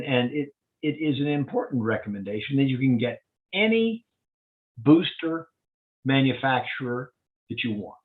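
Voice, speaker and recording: Physician explaining data over a tinny line. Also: male voice, medium pitch. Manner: plain-spoken, explanatory, walking through data step by step. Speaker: physician giving a public health update. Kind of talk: presenting slides to a community.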